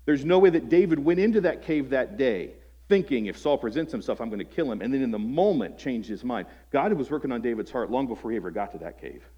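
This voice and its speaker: A man's voice: mid-range voice, animated, fast, dark tone, breathy edge, lo-fi sound. A man preaching a sermon as pastor, earnest and conversational, asking his listeners questions. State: voice breaking with emotion at times.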